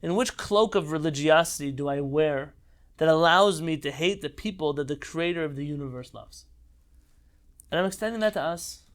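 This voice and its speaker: Guy teaching torah over a video call, gravelly voice, fired up, keeps repeating himself for emphasis. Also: fairly high pitch, normal speed. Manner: impassioned, repeats phrases for emphasis. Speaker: rabbi teaching a Torah class. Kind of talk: heartfelt online Torah lesson.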